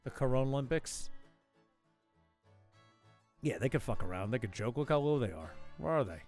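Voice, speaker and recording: A man's voice: medium pitch, lively intonation, moderate pace, a little mellow, faint music behind. A man hosting a live call-in talk show, riffing on news headlines with sarcastic, profane, mocking asides. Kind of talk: casual comedic news riff.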